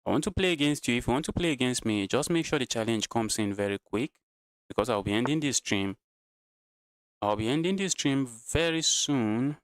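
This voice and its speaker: Man streaming live chess, smooth dry voice. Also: medium pitch, animated, normal speed, no room sound. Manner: repeats himself, talks to chat. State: tired.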